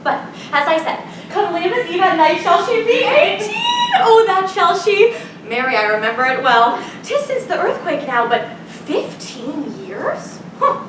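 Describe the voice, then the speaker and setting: A woman's voice: very high-pitched, sing-song, a little slow, fairly bright tone, recorded from a distance, a little hiss or hum, heavily acted. A woman playing a bawdy, chattering old nurse who rambles and giggles, acting live on a theater stage. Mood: chatty. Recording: roomy stage sound from afar.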